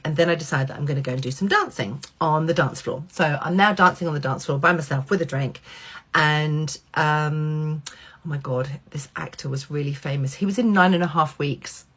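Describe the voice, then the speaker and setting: A middle-aged woman vlogger recounts a personal anecdote with lots of animation, cursing freely and acting out the lines she quotes. Her voice is low-pitched with a breathy edge.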